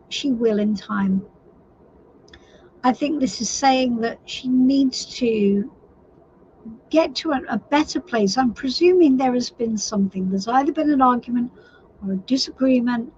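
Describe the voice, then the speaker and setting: A woman's voice: high-pitched, darkish tone. A woman giving a live tarot reading to viewers, chatty and sympathetic, often restarting her sentences. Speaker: tarot reader. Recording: slightly dull lo-fi stream audio with faint noise.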